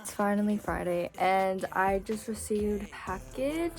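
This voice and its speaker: A woman's voice: mid-range voice, unhurried. A teenage girl chatting casually as she narrates her own vlog, breezy and self-mocking. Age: teens. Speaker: vlogger. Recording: loud background music.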